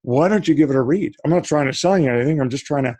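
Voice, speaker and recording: A man voicing a smooth-talking, overly friendly male retail pitchman in a put-on accent that keeps drifting. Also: rapid-fire, dark tone, lightly acted. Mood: coaxing.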